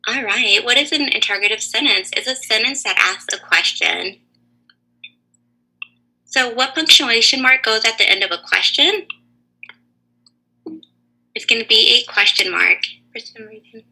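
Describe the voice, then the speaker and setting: Woman teacher on a video call, crackly fry in her voice, super bright tone, slow encouraging questions. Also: a little high, animated. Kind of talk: online lesson for young children.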